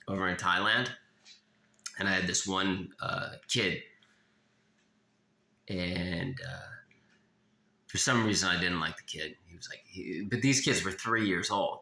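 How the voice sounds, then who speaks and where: A man giving a blunt, profane confessional monologue as an author, halting and restarting often. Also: sits low, bright, forceful tone, reverberant. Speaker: author of a self-help memoir.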